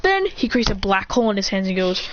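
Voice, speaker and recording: A woman excitedly retelling an imagined anime battle, rambling and breathless, with shouted sound effects. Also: medium pitch, quick pace. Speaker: storyteller. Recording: dull lo-fi sound with faint hiss.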